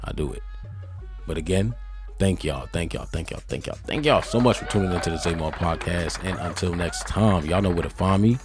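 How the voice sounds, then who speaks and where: Male podcast host, extremely low and deep, relaxed conversational delivery, light music bed. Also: brisk. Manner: laid-back, conversational, frequent "you feel me" asides. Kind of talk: casual solo podcast monologue.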